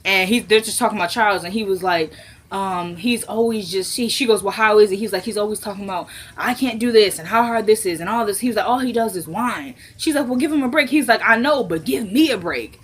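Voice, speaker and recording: Woman doing a tv episode recap, super animated, acts out everybody's lines, laughs a lot, then goes low and quiet for side comments. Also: breathy edge. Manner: animated, laughs and squeals when amused; acts out characters' lines in quick voices. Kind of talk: casual recap chat to viewers.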